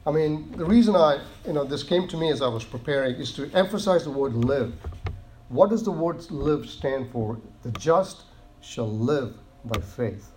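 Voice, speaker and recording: A man preaching a sermon in an earnest way, often restarting phrases and slowing down to stress key words. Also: a little high, expressive, a little mellow, slight background noise.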